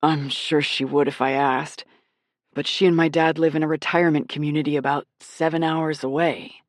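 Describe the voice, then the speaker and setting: A woman's voice: deep voice, fairly even intonation, moderate pace, no echo, close to an everyday voice. Gritty voice, weak, miserable young man, read by a woman, dry close sound. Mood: weak, sheepish. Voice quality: gritty, rough. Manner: weak, sheepish. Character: young man sick with food poisoning, miserable.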